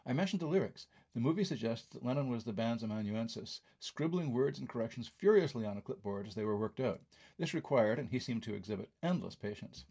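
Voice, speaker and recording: Older man, gravelly, husky, reading a review aloud, wry conversational asides. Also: medium pitch, dark tone. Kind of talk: read-aloud film review essay.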